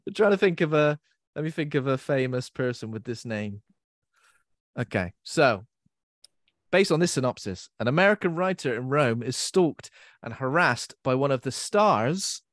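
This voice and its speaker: A man's voice: medium pitch, no echo, studio quality. A man hosting a podcast in a casual chat, giggling and mocking himself as he stumbles over his words. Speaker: podcast host.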